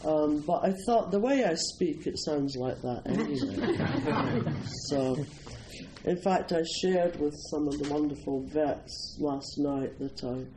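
A man's voice: a little high, lively intonation, slow pace, heavy background noise. A Scottish man from Scotland giving an informal, humorous Buddhist talk, telling stories and often chuckling. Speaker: Buddhist teacher.

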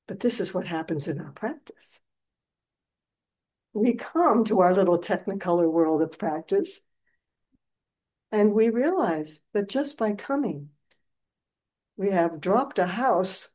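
A woman giving a dharma talk as a meditation teacher, telling a story in an animated, gentle and reflective way. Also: medium pitch.

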